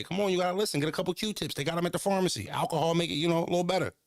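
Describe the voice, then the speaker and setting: A man who is a battle rapper, ranting casually to his live-stream chat, animated and repetitive, swinging from low mutters to high exclamations. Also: rapid-fire, hardly any pauses, dry recording, clean studio sound.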